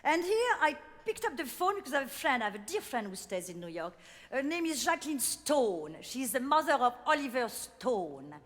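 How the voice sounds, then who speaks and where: An older woman with a French accent, telling a story in a one-woman stage show, theatrical and animated, laughing between lines. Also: sits high, moderate pace. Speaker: cabaret performer. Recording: reverberant theater hall.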